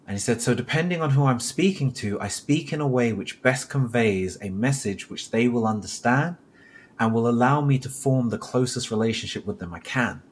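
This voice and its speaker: A man from South London, a podcast guest, slowly recalls a memory from his childhood and corrects himself as he pieces it together. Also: medium pitch, slight background noise. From South London, England. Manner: reflective, recalls details slowly with self-corrections. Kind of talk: personal storytelling in conversation.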